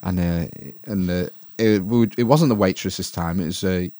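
A man's voice: deep voice, normal speed, mellow. A man casually chatting on a podcast, telling a story with laughs and casual swearing. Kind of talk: casual chat.

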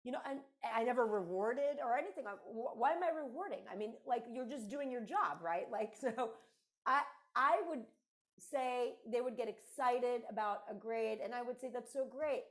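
A middle-aged woman with a somewhat high voice talks in a casual podcast conversation. She speaks as a mentor, emphatic and direct, and often says a key phrase twice for weight. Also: moderate pace.

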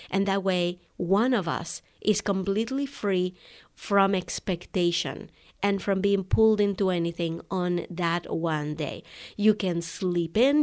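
A woman's voice: mid-range voice, a little mellow. A woman podcast host talking to her listeners in a casual, conversational way, often adding "right?" and "you know" as she recounts a personal story. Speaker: podcast host for online coaches.

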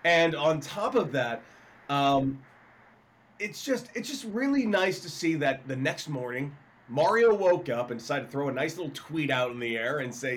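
Animated man telling a sports story. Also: fairly high pitch, moderate pace, rough recording. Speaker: co-host. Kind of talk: casual sports talk.

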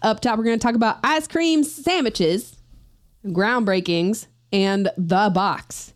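A woman's voice: mid-range voice, slow pace, no echo, studio quality. A woman co-hosting a casual podcast, reading out facts with playful, jokey asides. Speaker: podcast co-host.

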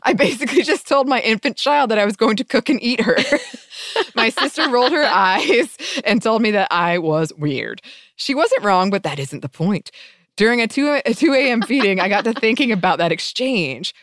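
A woman's voice: fairly high pitch, normal speed, no echo. Woman, podcast co-host, casual chat, reads listener mail, dry close mic. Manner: chatty, laughs often, animated when reading.

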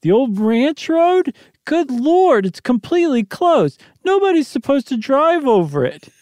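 A man voicing a frightened, bewildered housewife in a high wavering falsetto, reading a story aloud. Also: very animated, a little slow, a little mellow, dry recording, clean studio sound, heavily acted. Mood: alarmed.

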